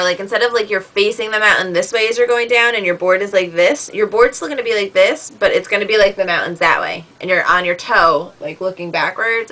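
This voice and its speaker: A young woman chatting in a casual video message to a friend, full of fillers and animated retellings. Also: medium pitch, low-quality recording. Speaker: vlogger replying to a friend.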